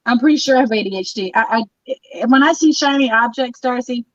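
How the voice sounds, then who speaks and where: A woman's voice: fairly high pitch, a little fast, dry recording, highs cut off, close to an everyday voice. A woman playing a boastful, boozy male show-off with a cigar and wine in a live comedy parody, crude and rambling. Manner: brash, rambling, crude, loses her train of thought.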